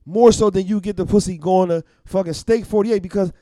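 A man talking as a podcast guest in casual chat, blunt, profane and animated as he tells stories. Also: high-pitched, a little fast, no room sound, studio quality.

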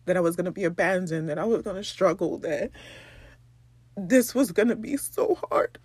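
A young woman, from the Bronx, hosting a personal podcast monologue, tearful and halting, with many pauses and ums. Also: lowish voice, expressive, darkish tone, husky, no room sound. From the Bronx, New York. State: tearful, crying. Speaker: podcast host.

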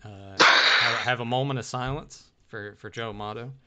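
A man's voice: mid-range voice, fairly even intonation, normal speed, background noise. A man hosting a podcast in casual chat, joking and often repeating words as he goes. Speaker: podcast host.

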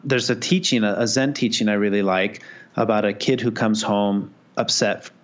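A man calmly explaining a Buddhist teaching as an interview guest, thoughtful, with frequent restarts. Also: fairly low pitch, normal speed. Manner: thoughtful, many restarts, storytelling. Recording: dull lo-fi sound.

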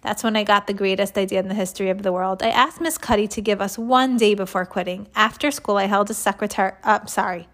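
A woman reading a children's chapter book aloud, lively, with small slips she corrects. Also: medium pitch, quick pace, few pauses.

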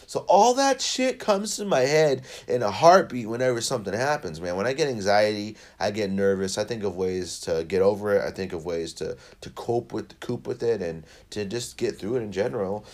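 A man's voice: low voice, lively intonation, a little fast, hardly any pauses, darkish tone. Profane, rambling young man telling a story. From Central Valley, Northern California. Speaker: podcast host. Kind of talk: casual storytelling monologue.

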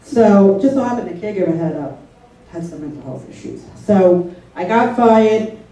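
A woman's voice: medium pitch, lively intonation, moderate pace, dark tone. A woman telling a personal story to an audience in a conversational way, often checking in with her listeners. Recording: echoey room from far off, faint noise.

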